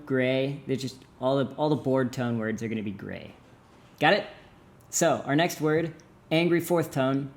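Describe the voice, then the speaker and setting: Brief: young man, mid-pitched, comic language teacher, playful and exaggerated. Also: darkish tone. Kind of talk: jokey video lesson.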